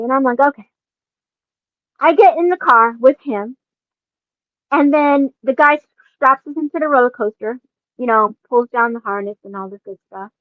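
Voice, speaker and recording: High-voiced woman telling a story. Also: moderate pace, pauses often, dry recording, muffled recording. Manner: animated, laughing storyteller. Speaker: podcast host. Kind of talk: casual storytelling.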